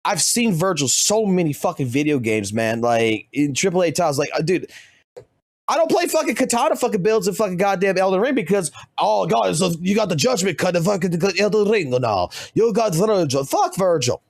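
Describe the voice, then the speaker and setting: A man's voice: high-pitched, big pitch swings, fairly quick, no room sound. A man who streams games, ranting heatedly and swearing constantly. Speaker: game streamer. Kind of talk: profane gaming rant.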